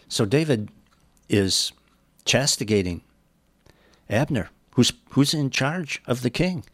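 Reading a scripture passage slowly, one verse at a time, a man then breaks each down in simple terms, sprinkling in homespun asides. He speaks on the low side in a recording with no room sound.

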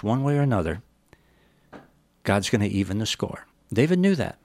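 Low-voiced man teaching a Bible passage. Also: expressive, darkish tone, dry recording. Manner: reads scripture slowly, then explains it in plain talk; folksy asides.

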